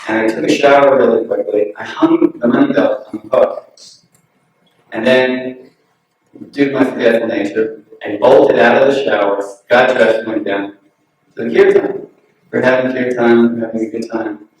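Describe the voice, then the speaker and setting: A man giving an anecdotal remembrance at a memorial gathering, telling relaxed stories and chuckling often. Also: mid-range voice, moderate pace, soft background music. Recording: very echoey hall, distant mic, noisy.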